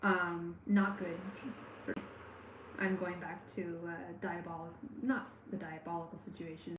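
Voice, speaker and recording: A woman giving a live tarot reading on a stream, speaking warmly and straight to the viewer, with many halting restarts and fillers. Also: fairly low pitch, flat delivery, echoey room, background noise. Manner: warm, personal, talks straight to the viewer. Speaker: tarot reader.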